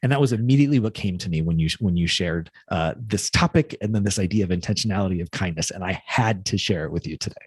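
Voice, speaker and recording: Husky, deep-voiced man co-host. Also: fast talker, few pauses, dry recording. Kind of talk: casual podcast chat.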